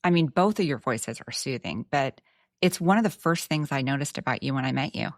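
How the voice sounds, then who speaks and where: Texan lady with a really deep voice, chatting thoughtfully on a podcast, dry sound. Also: lively intonation, brisk, no room sound. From Texas. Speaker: guest podcaster. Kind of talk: casual podcast conversation.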